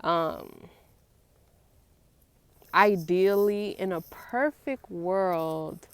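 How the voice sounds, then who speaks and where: A woman in her twenties chatting casually to camera as a vlogger, animated and playful, turning aside now and then to talk to her young son. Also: lowish voice, drawn-out words, smooth, no room sound. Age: 20s. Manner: animated, talks to her child while filming; playful, acts out grandkids and her mother.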